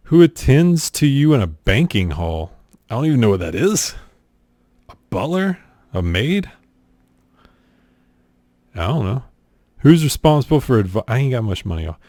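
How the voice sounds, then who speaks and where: A man's voice: mid-range voice, mellow, dry recording. A young man from South Carolina with a Southern accent, casually working through an accent challenge in an offhand, laid-back way. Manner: laid-back, offhand, says "y'all" and "ain't". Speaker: streamer doing an accent challenge. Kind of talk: casual vlog reading a list of questions.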